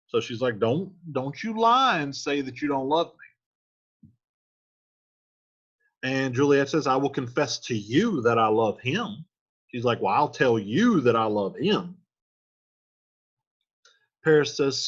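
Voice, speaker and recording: Male teacher, casual line-by-line play explainer, husky voice, lo-fi sound. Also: medium pitch, animated, unhurried, pauses often. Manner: reads old lines then paraphrases them in slangy modern speech.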